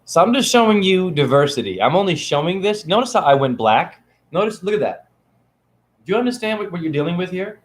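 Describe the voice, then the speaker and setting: A spiritual teacher films himself on his phone delivering a rambling, playful, preachy teaching monologue to camera. His high voice is very animated and a little fast, with reverberation.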